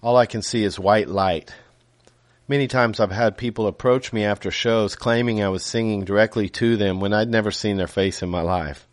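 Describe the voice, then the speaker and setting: A man reading his own novel aloud in a measured way, with small self-corrections and casual asides. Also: lowish voice, fairly even intonation, no echo, studio quality.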